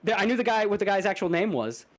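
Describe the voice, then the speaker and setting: Animated man telling a story, laughing. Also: high voice, fast, noisy background. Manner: animated, laughing, swearing, stammering restarts. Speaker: podcast co-host. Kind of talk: casual storytelling chat.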